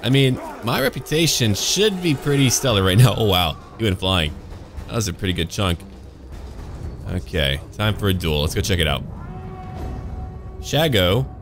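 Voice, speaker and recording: Male let's-player: deep, animated, sarcastic commentary, game music underneath. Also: normal speed, pauses often. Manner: sarcastic, jokey running commentary. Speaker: gaming YouTuber. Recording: voice over loud game music.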